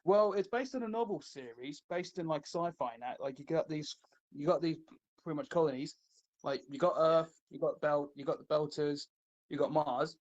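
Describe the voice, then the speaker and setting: Lively British man joking around. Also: a little high, normal speed, lo-fi sound. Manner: animated, laughs often, jokey banter. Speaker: podcast co-host. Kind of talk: casual chat.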